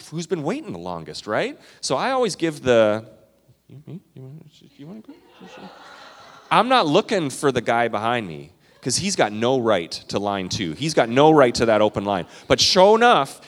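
A male pastor from Minnesota and Canada delivers a sermon with a lively, wide-ranging pitch. He talks to the congregation conversationally, punching some phrases loudly and dropping others to a murmur. His voice rings with a long reverb off a large hall. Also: normal speed, hardly any pauses. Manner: animated, conversational, swinging between loud emphasis and quiet asides.

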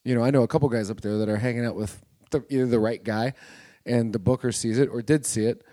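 A man, a stand-up comedian, telling stories in casual chat and acting out quotes loudly. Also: medium pitch, fast. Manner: animated storytelling, acts out quotes loudly.

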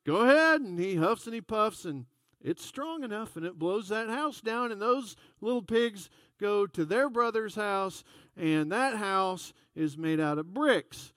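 A man's voice: sits high, a little slow, fairly bright tone, no room sound, clean studio sound. A man preaching a sermon in a folksy, conversational storytelling way. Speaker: pastor.

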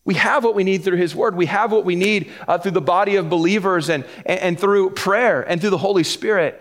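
A man's voice: high voice, a little fast. A man preaching a sermon in a conversational way, explaining each verse with asides and chuckling between points. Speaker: pastor.

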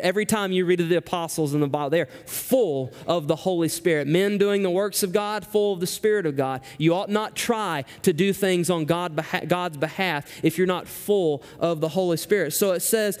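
A male pastor preaching a sermon emphatically, climbing high when he reads scripture aloud. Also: normal speed, darkish tone, long reverb tail.

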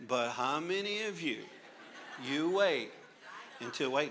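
Bright-voiced joking male pastor. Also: on the high side, a little slow, a little hiss or hum. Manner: jokey, animated, laughs through his lines. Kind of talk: humorous sermon storytelling.

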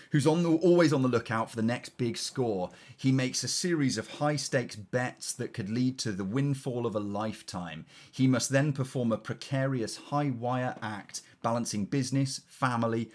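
Wry, articulate man reviewing films. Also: medium pitch. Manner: wry, articulate, with fillers and restarts. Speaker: film review podcast co-host. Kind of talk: film review podcast chat, partly read intros.

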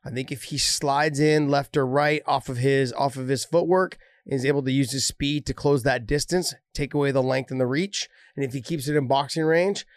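A man's voice: medium pitch, steady tone, moderate pace, hardly any pauses, no echo, clean studio sound. A man co-hosting a casual chat, joking and teasing his friends between fight talk. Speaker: podcast co-host.

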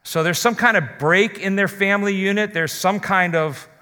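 A man's voice: sits high, normal speed, sharp tone, clean tone, in a large hall. A man preaching a sermon as pastor, talking earnestly and straight to his listeners. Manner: earnest, direct address to listeners.

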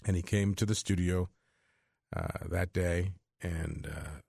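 A man's voice: low voice, fairly even intonation, slow pace, vocal fry, warm tone, slightly rough, no echo. A middle-aged man hosting a religious radio show from a studio, talking in a rambling, chatty way and chuckling between thoughts. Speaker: radio host. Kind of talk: casual on-air talk. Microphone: studio microphone.

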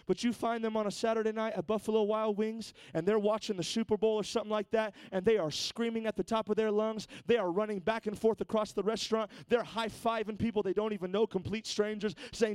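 A man's voice: high voice, fairly even intonation, quick pace, a little mellow, no room sound. A man preaching a Pentecostal sermon in church, repeating words as he moves from conversational talk to fervent exhortation. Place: church sanctuary.

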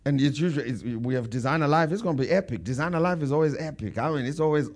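Animated preaching man, higher-pitched voice. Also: fast. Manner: storytelling, builds to emphatic bursts. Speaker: pastor. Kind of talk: sermon.

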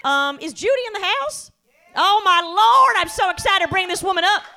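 A woman hosting a comedy show, chatting crudely and excitably with her guests on stage. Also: very high-pitched, fast, a little hiss or hum. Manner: crude, excitable, loud bursts. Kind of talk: casual comedic chat with guests. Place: small comedy venue with live audience.

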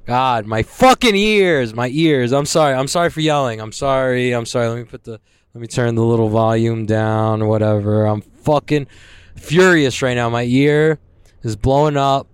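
A man's voice: medium pitch, fairly even intonation, moderate pace, smooth, dry recording. A young man ranting casually to the camera, agitated and profane, rambling about his own troubles. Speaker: vlogger.

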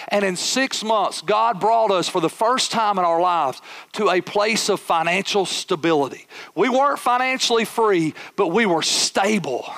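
A man preaching a sermon as a pastor, telling a personal story with animated, acted-out dialogue. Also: sits high.

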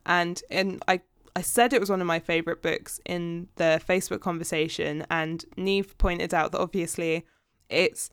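A woman's voice: lowish voice, fairly even intonation, moderate pace, clean tone, no room sound, studio quality. A woman co-hosting a podcast, chatting casually and frankly about books and swearing freely. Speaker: podcast co-host. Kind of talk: casual book chat.

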